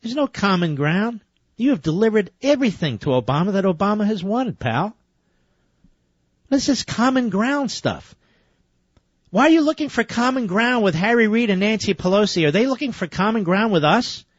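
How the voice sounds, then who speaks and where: A man's voice: high voice, sing-song, normal speed, no room sound. A man hosting a talk radio show, interrupting a played clip with sarcastic, combative commentary. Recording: dull lo-fi radio broadcast.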